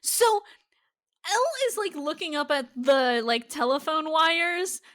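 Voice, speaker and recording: A woman co-hosting a podcast, chatting casually about a TV episode, animated and laughing as she acts out quotes. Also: high-pitched, slow. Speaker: podcast co-host. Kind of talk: casual chat recapping a TV episode.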